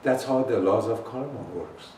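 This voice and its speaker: A man leading a guided meditation as a healing teacher, intoning slowly and deliberately with long pauses. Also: medium pitch, dark tone. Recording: roomy echo, voice far from the mic, faint noise.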